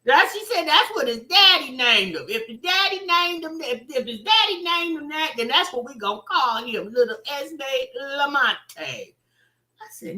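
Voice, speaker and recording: Chatty woman reaction host, lively and bright-voiced, slow delivery, roomy sound. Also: sits high. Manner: chatty, addresses viewers as y'all, teasing. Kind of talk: casual livestream commentary.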